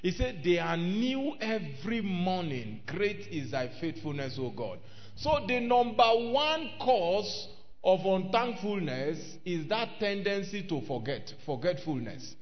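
A man preaching a sermon, reading old-scripture and rising to shouts. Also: high voice, sing-song, takes it slowly. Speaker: pastor. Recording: dull lo-fi recording.

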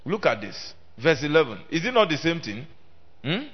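A male preacher delivering a sermon, swinging between loud emphatic declaiming and quieter talk, calling on the congregation to respond. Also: a little high, sing-song, moderate pace, slightly rough. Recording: dull lo-fi sermon recording.

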